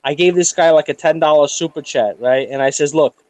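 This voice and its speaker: Middle-aged man, from New York, lively storyteller, somewhat high voice, dry close sound. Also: a little fast, no room sound. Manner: animated storyteller, acts out others' voices. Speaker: reseller on a live stream. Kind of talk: casual late-night chat.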